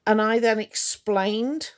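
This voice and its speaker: A woman's voice: medium pitch, takes it slowly. A woman ranting on a live stream to her viewers, indignant and confrontational, hammering her points home by repeating them.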